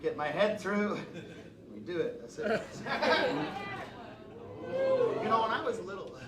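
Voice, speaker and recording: A man's voice: high-pitched, huge pitch swings, slow. A man performing a live stage comedy routine, joking at his own expense and coaxing the audience to cheer along. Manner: joking, self-mocking, coaxing the crowd to cheer. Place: live venue before an audience. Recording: roomy distant mic with loud crowd and noise.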